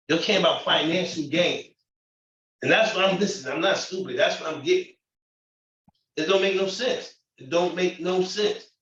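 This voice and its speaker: A man's voice: high voice, a bit bright. Upset man pleading from a distant echoey room. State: close to tears. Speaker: shelter resident speaking at public comment. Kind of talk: impassioned public comment. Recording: muffled echoey room audio from far off.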